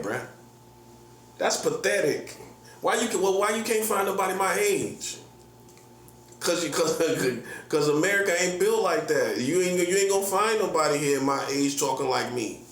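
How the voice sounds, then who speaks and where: A man's voice: fairly high pitch, normal speed, fairly bright tone. A man in his forties, a prophet, ranting casually in slangy, repetitive, boastful talk. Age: 40s. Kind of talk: casual vlog rant. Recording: echoey room with faint hum.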